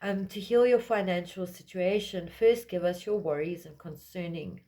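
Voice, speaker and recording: A woman's voice: on the low side, moderate pace, mellow. A woman giving a casual collective tarot reading, talking in a meandering way with lots of fillers. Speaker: tarot reader.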